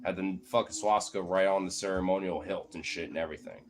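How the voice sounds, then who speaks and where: A man's voice: sits low, steady tone, quick pace. Heated, foul-mouthed man ranting. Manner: heated, profane and rambling. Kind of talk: casual political rant.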